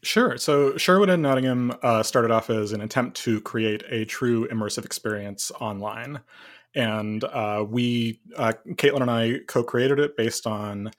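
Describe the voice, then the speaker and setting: Give me a man with a middle-range voice explaining his project in an interview, measured and pausing. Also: mid-range voice. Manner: measured, with frequent pauses and fillers. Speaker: guest, co-creator and director. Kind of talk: interview answers.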